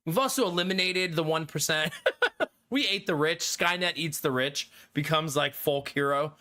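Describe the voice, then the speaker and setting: A man's voice: on the high side, normal speed, pushed and bright. A man in his thirties, a live streamer chatting casually and jokingly with his viewers, often breaking into giggles. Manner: giggly, joking, talks to chat.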